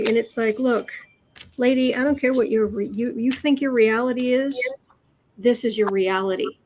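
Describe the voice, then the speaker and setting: Woman reading tarot on her channel, kinda high voice, lots of ums and restarts. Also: steady tone, a little mellow, slight background noise. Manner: halting, many fillers and restarts; mimics the person she reads about. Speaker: host, tarot reader. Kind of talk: casual tarot reading chat.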